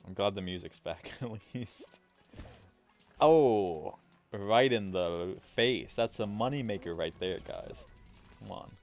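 A young man casually commenting on his gameplay while streaming, chatty and self-mocking, laughing at himself and swinging between mumbles and loud outbursts. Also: fairly low pitch, animated, slow, faint music behind.

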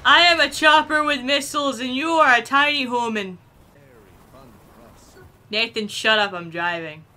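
A woman giving silly, animated let's-play commentary, chatting to the game characters as she plays. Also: high voice, a little slow. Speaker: gameplay commentator.

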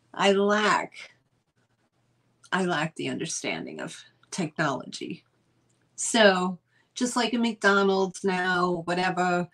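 A woman, hosting a live sale stream and chatting in a rambling, casual way with lots of fillers. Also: mid-range voice.

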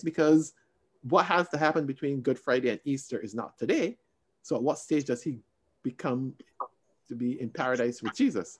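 A man with a fairly high voice teaching a Bible study over a video call. He talks in an expressive, emphatic way, lifting his voice to stress a point and then dropping into quiet asides. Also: moderate pace, husky. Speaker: Sunday school teacher.

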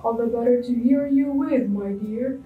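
A woman voicing a hungry, sly, wicked male wolf in a storybook reading, speaking in a low, slow, menacing drawl. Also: echoey room, recorded from a distance, narrow, tinny audio, faint music behind, lightly acted.

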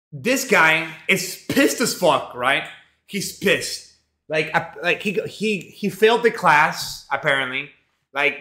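A male streamer telling a rambling, profane story in a casual, animated way, full of fillers. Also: a little high, roomy sound.

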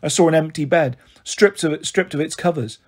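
A man reading a children's novel aloud with steady first-person narration. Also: on the high side, fairly quick, breathy edge. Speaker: storyteller.

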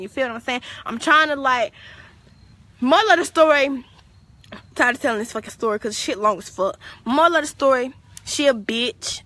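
High, bright-voiced profane teenage girl. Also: fairly quick. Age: teens. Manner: profane, animated and defiant. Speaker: livestreamer. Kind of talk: casual storytelling on a livestream.

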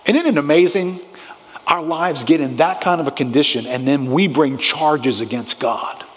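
In a church sanctuary full of long hall reverb, a man with a somewhat high voice speaks at normal speed. He is a pastor delivering a sermon, building emphatically upward and frequently questioning his congregation.

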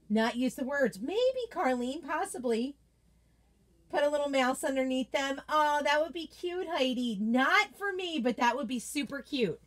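Gushing high-voiced woman host. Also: measured pace, fairly bright tone. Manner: gushing, chatty, reads viewer comments aloud. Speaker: craft product consultant and host. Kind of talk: casual live unboxing chat.

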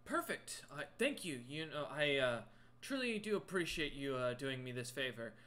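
A man's voice: medium pitch, big pitch swings, moderate pace, bright, forceful tone. A man voicing a tall male monster merchant who speaks politely with a lot of hesitation and stammering.

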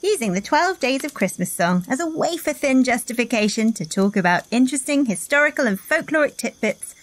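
A woman's voice: high voice, expressive, fairly quick. A woman co-hosting a podcast, wry and bantering in casual chat. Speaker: podcast co-host.

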